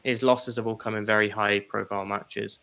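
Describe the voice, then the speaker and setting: Male co-host, bright tense tone, animated casual chat about wrestling. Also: lowish voice, fairly quick, creaky, clean tone. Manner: animated, laughs, swears casually. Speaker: podcast co-host.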